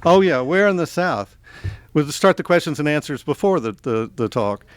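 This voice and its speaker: A man's voice: fairly high pitch, animated, normal speed, smooth, no echo. A middle-aged man from the American South giving a conversational, self-deprecating author talk at a bookstore. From American South, Tennessee and Georgia. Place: bookstore event space.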